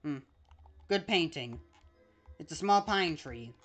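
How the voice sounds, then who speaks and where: A woman's voice: low-pitched, animated, slow pace, slightly rough, soft background music. A woman streaming a video game, reading the on-screen text aloud in a casual, chatty way with small asides.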